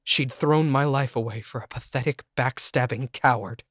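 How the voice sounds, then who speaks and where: Guy narrating an audiobook, intense and emotional, mid pitch, dead dry sound. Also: normal speed, fairly bright tone, no room sound. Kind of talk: scripted first-person narration.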